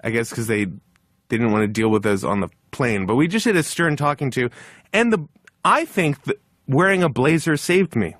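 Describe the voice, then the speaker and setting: A man's voice: medium pitch, moderate pace, dry recording, studio quality. A man in his thirties, telling a comic anecdote as a podcast guest. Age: 30s. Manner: animated anecdote, shouting when he quotes others. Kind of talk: comedic storytelling on a podcast.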